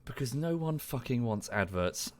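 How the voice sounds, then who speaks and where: A man's voice: mid-range voice, expressive, normal speed, darkish tone. Man muttering through a rocket launch. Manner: dry, self-deprecating, mutters to himself. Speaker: livestreamer. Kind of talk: casual gameplay commentary. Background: game music.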